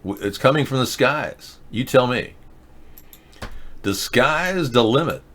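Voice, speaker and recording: A man's voice: medium pitch, lively intonation, takes it slowly, fairly bright tone. A man hosting a show, ranting sarcastically in casual political commentary. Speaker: host.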